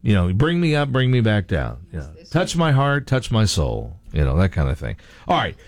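A man's voice: on the low side, huge pitch swings, normal speed. A man hosting a radio show from a studio, chatting and joking with his guests in a playful way. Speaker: radio host. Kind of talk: casual radio interview.

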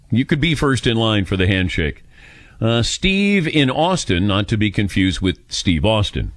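A man's voice: fairly low pitch, sing-song, moderate pace, no room sound. A man in his fifties hosting a radio talk show, chatting and telling stories about himself in a casual, self-deprecating way into a studio microphone.

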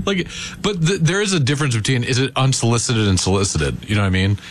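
A man's voice: medium pitch, expressive, fast, a little hiss or hum. A man co-hosting a casual talk show, reasoning things through in a conversational way.

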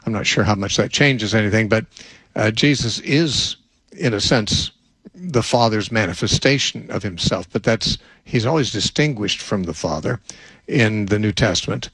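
An older man, a Bible teacher, answering a question in thoughtful unscripted talk with frequent restarts and a slightly husky voice. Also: on the low side, a bit bright, no room sound, low-quality recording.

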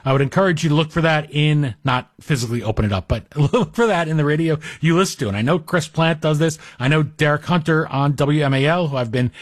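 A man's voice: on the high side, fast talker, hardly any pauses, no echo, studio quality. A man guest hosting a talk radio show, chatting in a digressive, self-deprecating monologue. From Greek heritage.

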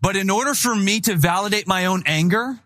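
A middle-aged man preaching in a lively, chatty way, voice pitched slightly higher than most men's. He slips into playful impressions of people as he goes. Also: fairly quick. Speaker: pastor. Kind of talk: sermon.

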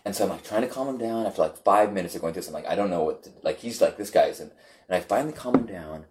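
Halting, animated man telling a story. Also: deep voice. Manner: animated, halting with many restarts and fillers. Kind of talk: casual storytelling chat.

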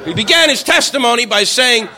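A man doing a profane stand-up routine, ranting and acting out shouted impressions. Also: very high-pitched, lively intonation, a little fast. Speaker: stand-up comedian.

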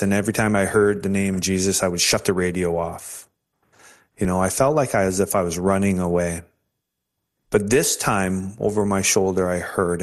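A man from Canada telling his conversion story as an interview guest, earnest and emotional, with many restarts. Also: sits low. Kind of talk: personal faith testimony.

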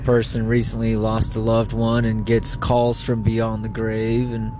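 A man's voice: on the low side, completely flat delivery, measured pace, background noise. A man calling in to a radio show, rambling through a thought with lots of fillers. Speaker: caller.

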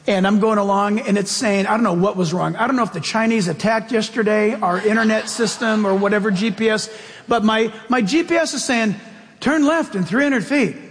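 A man preaching a sermon as a pastor, telling stories in an animated way. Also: sits high, brisk. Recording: long hall reverb.

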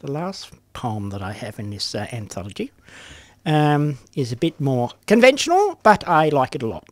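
A man's voice: medium pitch, very animated, moderate pace, no room sound. A man, a poet, talking about his work in an interview, with frequent ums and restarts. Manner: hesitant, lots of ums, restarts. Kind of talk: reading own poems and chatting in interview.

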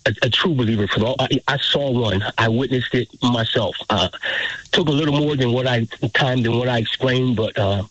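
A man's voice: mid-range voice, normal speed, fairly bright tone, no room sound. A man in his fifties calling in to a radio show, telling an earnest, emotional story. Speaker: caller. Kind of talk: call-in story. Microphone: phone line. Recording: muffled phone-in line.

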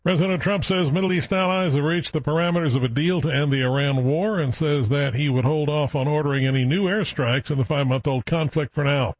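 Man, radio news anchor, slightly high voice, dry close sound, measured delivery. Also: no echo, poor audio. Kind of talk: news reading.

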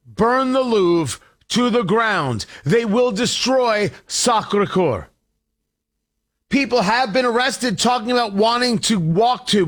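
A man's voice: sits high, a bit bright. A man hosting a political talk show, delivering a combative, sarcastic monologue.

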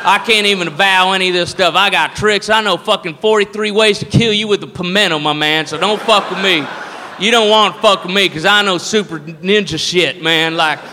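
A man's voice: high voice, brisk, sharp tone, a little hiss or hum. A man voicing a drunk, boastful redneck brawler who drawls out swaggering threats. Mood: boastful menace. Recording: reverberant live hall.

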